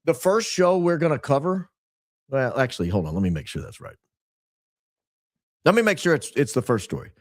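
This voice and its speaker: A man hosting his podcast, clearing his throat often and nursing a dry, strained voice. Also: on the high side, sing-song, normal speed, long pauses, dry recording. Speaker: podcast host. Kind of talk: casual show opening. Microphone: podcast microphone.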